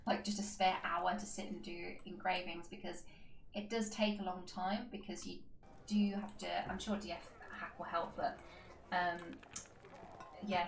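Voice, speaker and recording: Brief: woman, game streamer, casual rambling chat, mid pitch, echoey room. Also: creaky, darkish tone, distant mic. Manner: rambling, many fillers and restarts. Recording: echoey room, faint background noise.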